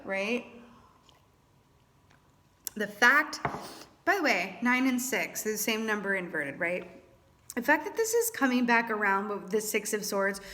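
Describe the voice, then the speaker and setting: A young woman reading tarot cards for her viewers in a chatty, animated way, thinking aloud with lots of fillers. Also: medium pitch. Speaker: tarot reader. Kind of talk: casual tarot reading to camera.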